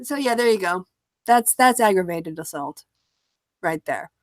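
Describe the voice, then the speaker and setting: A woman's voice: on the low side, animated, unhurried, no room sound, studio quality. A woman co-hosting a podcast, chatting casually about a video and laughing often. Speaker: podcast co-host. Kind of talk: casual chat reacting to a video.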